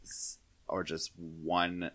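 A man's voice: deep voice, completely flat delivery, very slow, a bit bright. A man co-hosting a podcast, chatting casually in a rambling, hesitant way, restarting his sentences. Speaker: podcast co-host. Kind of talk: casual chat.

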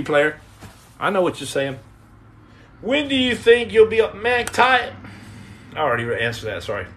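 A man hosting a casual live podcast, joking and teasing viewers in slangy talk that drops into low mutters. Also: fairly bright tone, a little hiss or hum. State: on house arrest. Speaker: podcast host reading live chat. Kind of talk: casual live-stream chat.

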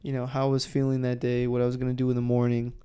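A man tells a story on his podcast, swearing freely and throwing his voice into the quotes he acts out. His tone is mellow and his voice is smooth. He talks casually, like he is chatting with a friend. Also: medium pitch, very fast. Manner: profane, animated storyteller who acts out quotes loudly. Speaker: podcast co-host.

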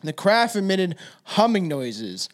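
A young man with a fairly high voice, talking in a loose, rambling way on a casual podcast. He swears freely and keeps a relaxed, easygoing pace as he tells his story. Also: slow, heavy background noise. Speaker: podcast co-host. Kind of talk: casual stoner podcast chat.

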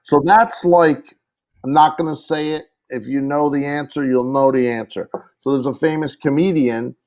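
A man co-hosting a podcast, chatting casually in an excitable, rambling way that is full of restarts. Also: fairly high pitch, normal speed. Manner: rambling, excitable, laughs often, many restarts. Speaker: podcast co-host. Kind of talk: casual chat.

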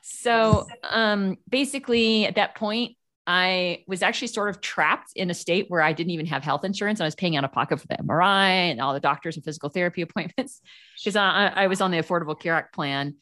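A woman's voice: on the low side, a little fast. A woman guest in a casual chat, animatedly telling a personal story with lots of fillers and acted-out quotes. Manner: animated, acts out quoted voices, frequent fillers.

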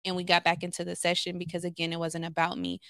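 A woman's voice: on the low side, completely flat delivery, quick pace, fairly bright tone, no room sound, studio quality. A woman from Los Angeles, a therapist, telling candid stories as a podcast guest with many fillers. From Los Angeles, USA. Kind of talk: podcast conversation.

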